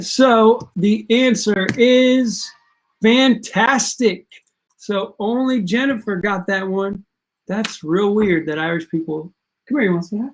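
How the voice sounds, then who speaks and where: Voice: mid-range voice, a little slow, slight background noise. Parent running a quiz stream for students, chatty, calls out everyone's answers and points. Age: adult parent. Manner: chatty, reads out answers and scores. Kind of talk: casual livestream quiz hosting.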